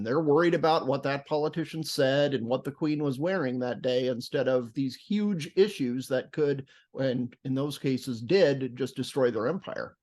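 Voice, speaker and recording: A man's voice: mid-range voice, normal speed, few pauses, darkish tone. A man hosting a podcast, chatting casually and throwing in mock-dramatic asides. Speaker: podcast host. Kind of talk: casual interview talk.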